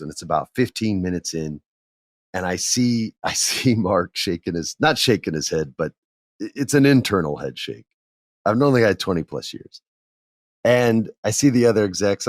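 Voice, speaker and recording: A middle-aged man hosting a podcast, telling a work story in a candid, animated way and acting out what others said. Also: fairly low pitch, dry recording, clean studio sound. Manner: candid, animated, acts out quotes in others' voices. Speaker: podcast host. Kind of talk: casual storytelling monologue.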